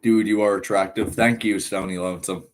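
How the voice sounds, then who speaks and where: Speaking a little fast in a steady, low-leaning voice, a nineteen-year-old Irish man with an American-sounding accent chats casually on his live stream. He rambles in a relaxed way, reads chat aloud, and laughs and uses fillers often.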